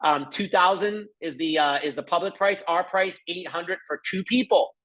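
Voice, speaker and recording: A middle-aged man with a slightly high voice runs an excited live sales presentation. He chats to viewers as he scrolls through his screen and keeps dropping in little check-ins and fillers. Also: normal speed. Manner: excited, chatty, many fillers and asides to viewers. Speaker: presenter of a travel membership.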